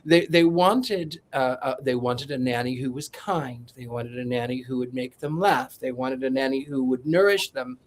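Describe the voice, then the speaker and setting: A man on a podcast panel giving a joking, rambling film synopsis in a sarcastic, playful way. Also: medium pitch. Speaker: podcast co-host.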